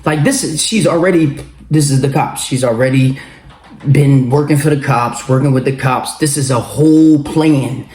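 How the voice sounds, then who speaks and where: A man telling his own story in a casual, profane, animated way, acting out what people said. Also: mid-range voice, moderate pace. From Philadelphia. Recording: roomy echo.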